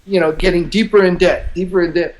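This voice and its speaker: Older guy guest on an interview, kinda high voice, chuckles a lot, pokes fun at himself. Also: fairly even intonation, fairly quick. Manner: chuckling, self-deprecating, acts out his inner voice. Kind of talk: casual storytelling in an interview.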